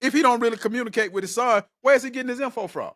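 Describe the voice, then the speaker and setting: A man's voice: very high voice, very fast, a bit bright. A middle-aged man co-hosting a casual podcast, arguing his point emphatically and repeating it. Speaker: co-host, father figure.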